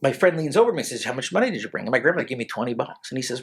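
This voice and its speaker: Gravelly, husky-voiced man telling stories. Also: mid-range voice, big pitch swings, a bit bright. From Connecticut, USA. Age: 40s. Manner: halting, many restarts, emotional, choked up. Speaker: lawyer, podcast guest. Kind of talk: casual storytelling interview.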